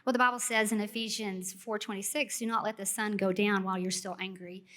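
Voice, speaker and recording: Fast-talking Texan woman telling a story. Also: medium pitch. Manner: lively anecdotal telling. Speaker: panel guest, married woman. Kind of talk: casual storytelling.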